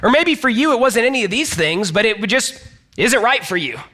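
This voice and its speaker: Young male pastor, bright tone, casual conversational sermon, talks straight to the room. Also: very high-pitched, sing-song, brisk. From Georgia, US. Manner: chatty, self-deprecating, addresses listeners directly.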